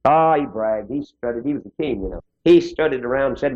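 A man's voice: medium pitch, normal speed, few pauses. A man preaching a sermon, rising now and then to fervent exclamations. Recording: dull lo-fi recording.

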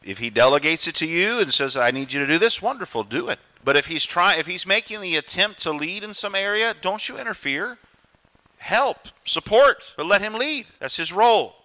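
Male pastor, middle-aged, bright and slightly high voice, emphatic sermon delivery. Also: animated, normal speed. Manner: emphatic preaching, acts out quoted voices.

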